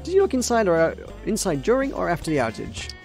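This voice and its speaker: A man's voice: high-pitched, wildly swooping pitch, fast, creaky, darkish tone, soft background music, voice pushed up, full character voice. A man voicing an earnest, polite young investigator who asks questions in a raised voice.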